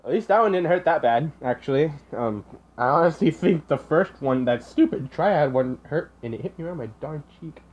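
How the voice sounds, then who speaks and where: A man's voice: fairly high pitch, expressive, moderate pace, darkish tone, muffled recording. A man hosting a reaction video, who talks in a sarcastic, exasperated way and swears often. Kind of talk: casual reaction commentary.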